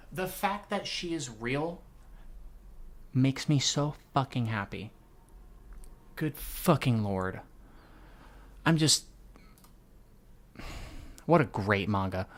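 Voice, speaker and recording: A man giving casual, excitable reaction commentary while reading a manga, swearing freely and laughing often. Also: medium pitch, drawn-out words, long pauses.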